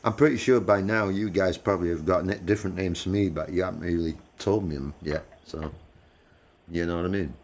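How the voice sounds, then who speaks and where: Deep-voiced English man, chatty and laughing. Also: fairly quick, a little hiss or hum. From England. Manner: laughs often, swears, chatty and teasing. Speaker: livestream host. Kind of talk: casual chat with live viewers. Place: living in the United States.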